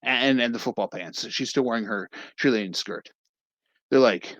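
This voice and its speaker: A man's voice: mid-range voice, normal speed, fairly bright tone, dry recording, rough recording. A young man casually recapping a comedy film as a review host, rambling and acting out scenes with quoted lines.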